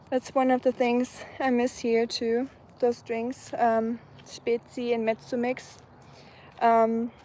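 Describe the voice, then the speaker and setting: A woman's voice: a little high, a little mellow. A woman in her twenties from Germany with a German accent, chatting casually on an outdoor live stream and reading out viewer comments. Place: outdoors, feeding stray cats.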